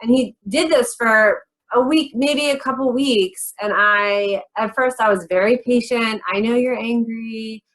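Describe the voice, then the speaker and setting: A woman's voice: a little high, fairly bright tone, low-quality recording. Reflective woman host in her thirties. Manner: reflective, shares personal stories, quick asides. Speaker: interview host. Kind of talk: conversational interview.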